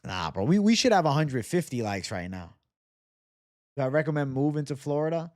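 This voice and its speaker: A man's voice: on the high side, very animated, a little fast, a little mellow, no room sound, clean studio sound. A young man hosting a casual livestream, reading viewer comments and talking loosely with plenty of swearing and bro-talk. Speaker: livestream host.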